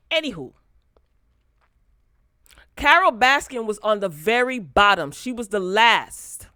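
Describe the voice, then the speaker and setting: Woman, vlog host, mid-pitched, animated and sassy, chats right to viewers on a dry close mic. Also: slow pace, pauses often, clean tone, no room sound. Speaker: host of a pop culture talk show. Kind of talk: casual commentary vlog. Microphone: close desk mic.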